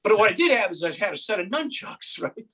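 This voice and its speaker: A man's voice: high-pitched, very animated, a little fast, pushed and bright. A man doing a stand-up comedy set from home, telling true stories and putting on voices for the people in them. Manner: storytelling with acted voices and bursts of laughter.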